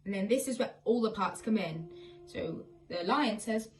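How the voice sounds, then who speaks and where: High-voiced woman teaching signed song. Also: lively intonation, measured pace, distant mic, soft background music, low-quality recording. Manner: friendly, explains each sign step by step. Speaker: singing and signing teacher. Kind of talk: online sign-and-sing lesson. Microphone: phone camera.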